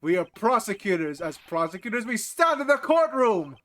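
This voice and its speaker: A man voicing a cool, composed male prosecutor from a game, reading in a measured, stern and formal way. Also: high voice, sing-song, bright, forceful tone, heavily acted. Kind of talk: reading game dialogue aloud.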